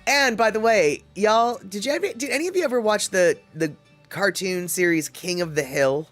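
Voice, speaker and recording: A man's voice: high voice, animated, normal speed, fairly bright tone, faint music behind. A man hosting a livestream, chatting casually, reading viewer comments aloud and laughing often. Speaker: livestream host.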